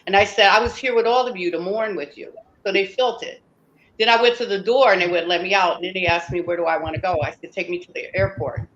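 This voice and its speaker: A woman's voice: mid-range voice, fairly even intonation, fast talker, fairly bright tone, highs cut off, slight background noise. A woman interview guest telling a personal story emphatically, acting out what people said to her. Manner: emphatic, acts out quoted dialogue.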